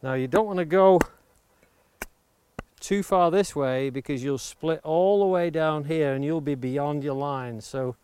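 A woodworking instructor leads a hands-on axe-carving lesson outdoors near the coast, his fairly high voice warm and his pace measured. He explains steadily and patiently, keeps bringing up safety, and the clicks of his axe chops cut through the noisy recording.

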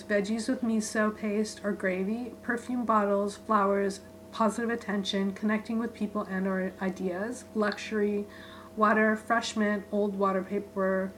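A woman reads her own short pieces aloud in a deadpan spoken-word style. She delivers them in clipped, list-like bits at an ordinary middle pitch, with faint room sound behind her. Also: slight background noise, rough recording.

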